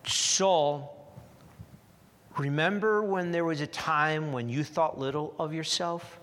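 A man preaching who voices a stern old prophet forcefully rebuking a king. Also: on the high side, slow pace, background noise. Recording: long hall reverb.

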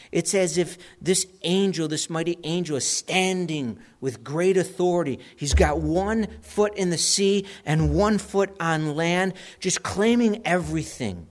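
Slow, measured male Bible teacher. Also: a little high. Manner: measured, reflective, repeats phrases for emphasis.

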